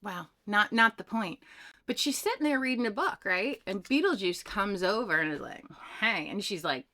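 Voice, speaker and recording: A woman's voice: medium pitch, moderate pace. A woman doing a pick-a-card tarot reading, talking casually and telling a story from her own life. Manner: chatty, animated, tells personal stories. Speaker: tarot reader.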